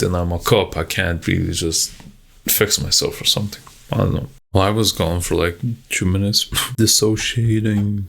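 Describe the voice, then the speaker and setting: A man's voice: low-pitched, fairly bright tone. A man recording a raw video journal, talking candidly and rambling with profanity and self-corrections, close to tears at times. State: tearing up.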